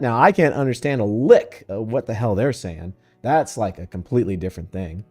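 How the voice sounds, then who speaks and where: A man's voice: lowish voice, sing-song, unhurried, mellow, soft background music. A man from Texas chats casually on a livestream, answering questions in a laid-back, profane way and often laughing. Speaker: VTuber streamer.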